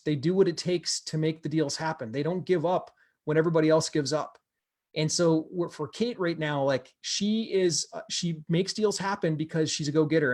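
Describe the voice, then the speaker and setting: A man hosting an investing group, telling a member's success story with energy and repeating words for emphasis. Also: on the high side. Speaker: host of a real estate investing group. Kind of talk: motivational storytelling to camera.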